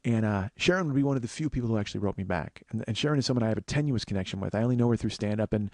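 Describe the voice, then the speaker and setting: A man's voice: lowish voice, darkish tone, no room sound, clean studio sound. A man in his forties hosting a podcast, telling a long profane story in a monologue. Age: 40s. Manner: profane, fast-building storyteller. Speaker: podcast host.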